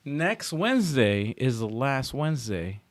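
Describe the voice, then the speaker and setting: Loud swearing podcast guy, voice bouncing all over, laughs a lot. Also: medium pitch, very animated, a little slow. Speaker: podcast host. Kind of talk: casual chat.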